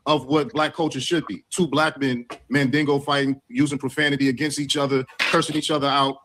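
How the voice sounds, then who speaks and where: A man on a discussion panel, asking measured but pressing questions. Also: mid-range voice, flat delivery, fairly bright tone, a little hiss or hum.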